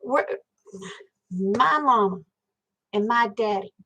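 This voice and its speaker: A woman's voice: a little high, expressive, slow pace, bright, forceful tone, lo-fi sound. A woman, hosting a live stream and telling a story in a frank, chatty way, swearing casually and talking straight to her viewers.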